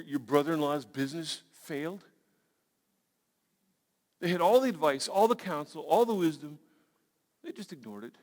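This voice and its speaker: A man preaching a sermon as a pastor, animated, acting out quoted voices and asides. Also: on the high side, breathy edge. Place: large church auditorium. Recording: long reverb of a large church hall.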